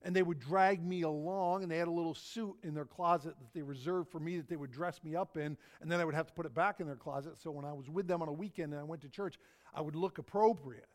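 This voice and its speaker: A man's voice: a little high, fast talker. A middle-aged man preaching a sermon, telling a personal story in a folksy, anecdotal way and repeating his phrases. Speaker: pastor.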